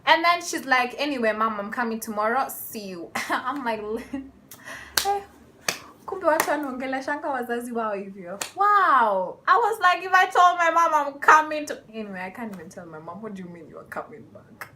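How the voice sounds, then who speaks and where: A young woman vlogging a casual storytime, animated and laughing as she acts out the people in it. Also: high voice, moderate pace, noisy background.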